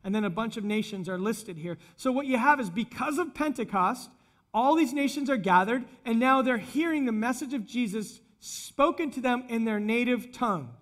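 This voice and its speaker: A middle-aged man preaching a sermon in a conversational way, turning animated when he retells scenes. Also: very high-pitched, normal speed. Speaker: pastor.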